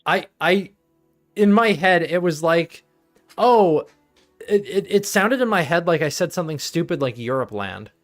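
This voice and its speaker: A man's voice: fairly high pitch, animated, unhurried, faint music behind. Rambling, laughing game master man. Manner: rambling, laughs often, self-correcting. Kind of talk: narrating a tabletop game.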